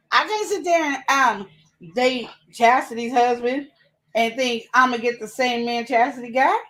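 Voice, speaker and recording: A woman co-hosting a live relationship advice show, chatting casually and fast, full of energy. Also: sits high. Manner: chatty, animated, talks fast and laughs.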